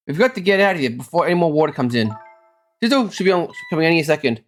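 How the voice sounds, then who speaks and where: Low-voiced woman streaming a game. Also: expressive, very fast, soft background music. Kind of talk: casual game playthrough, reading dialogue aloud.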